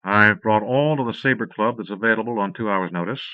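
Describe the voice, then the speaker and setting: A man's voice: lowish voice, fairly quick, no echo, natural voice. A man reading an audiobook, voicing a tough male lieutenant with a clipped, gritty delivery. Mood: terse. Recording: dull lo-fi cassette audiobook.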